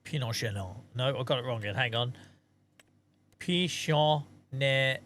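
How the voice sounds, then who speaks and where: A man's voice: mid-range voice, fairly even intonation, quick pace, a bit bright. A man chatting casually on a live stream while he plays a game, thanking viewers and muttering asides to himself.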